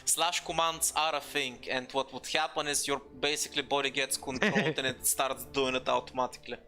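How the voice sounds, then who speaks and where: A man's voice: medium pitch, little pitch movement, a little fast, bright, forceful tone. A man playing in an online tabletop role-playing game and chatting casually, with faint music behind. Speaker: player.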